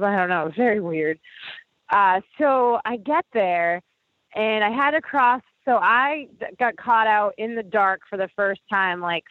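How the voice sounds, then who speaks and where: A woman's voice: medium pitch, dry recording. Chatty woman telling road stories, lots of "like" and "you know", sounds like a phone line. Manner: chatty, heavy on fillers, acts out quoted voices. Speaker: podcast guest walking across the country. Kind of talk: casual storytelling chat. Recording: tinny phone-like line, dry.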